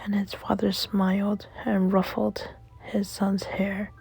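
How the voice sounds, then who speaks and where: Husky woman whispering a bedtime story. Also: mid-range voice, monotone, slow pace, faint music behind, low-quality recording. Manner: hushed and gentle.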